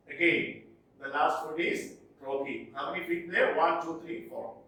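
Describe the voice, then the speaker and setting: A man teaching a lesson on poetic meter, speaking slowly and deliberately and chanting verse lines with heavy stress. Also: a little high, fairly even intonation, sharp tone. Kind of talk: classroom lecture on poetic meter. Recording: echoey room from a distance.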